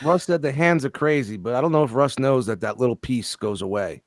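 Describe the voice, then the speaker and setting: A man co-hosting a toy collector stream, casual and profane, quick to joke and read out chat comments. His voice sits at an ordinary middle pitch. The sound is dry and close, with no room echo. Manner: profane, joking, reads viewer comments aloud. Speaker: co-host of a toy collector show.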